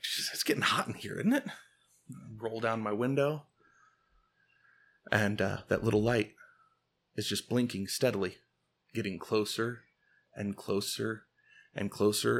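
A man hosting a podcast, telling a comedic story with growing excitement. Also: lowish voice, breathy edge. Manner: animated, gets loud and laughing at the climax. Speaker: podcast host.

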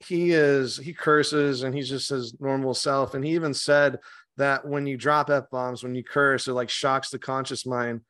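A man talks in an easygoing, conversational way as a podcast guest. He speaks at a medium pitch, swears freely and often stumbles and restarts mid-sentence. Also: steady tone, measured pace, fairly bright tone, clean tone. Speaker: meditation guide guest. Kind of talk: casual interview chat.

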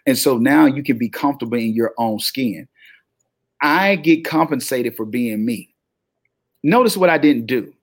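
A man with a heavy Southern drawl, a podcast guest speaking in an energetic, motivational, preacher-like cadence. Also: mid-range voice, moderate pace, dry recording, clean studio sound. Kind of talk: motivational interview talk.

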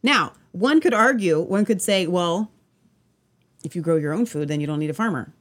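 Woman co-host, low voice, wry and joking, casual news chat. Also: animated, moderate pace.

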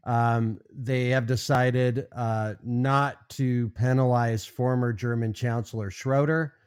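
A man's voice: medium pitch, steady tone, clean tone, no echo, clean studio sound. A man co-hosting a casual podcast who runs through news headlines, stumbling on his words and using lots of fillers. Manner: halting, repeats words, many fillers like "um" and "like". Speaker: podcast co-host reading headlines.

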